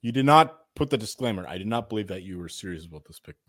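A man's voice: lowish voice, animated, fast talker, a bit bright, dry recording. A tipsy man co-hosting a casual sports podcast, swearing and teasing his co-host. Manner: profane, teasing. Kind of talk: casual chat.

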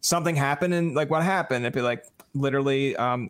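A man hosting a casual podcast, asking questions and telling stories in an animated way, acting out quoted back-and-forth exchanges. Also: medium pitch, fast, clear, resonant tone. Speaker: podcast host.

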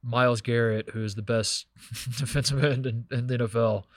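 A man's voice: medium pitch, fairly even intonation, normal speed, dry recording, clean studio sound. A man co-hosting a sports podcast, chatting casually, joking about himself and laughing often. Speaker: podcast co-host.

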